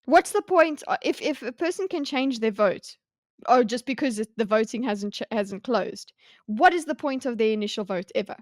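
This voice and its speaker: A woman co-hosting a casual book club, reacting in an expressive, exasperated way. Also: a little high, normal speed, no room sound, clean studio sound. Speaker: co-host of a book club show.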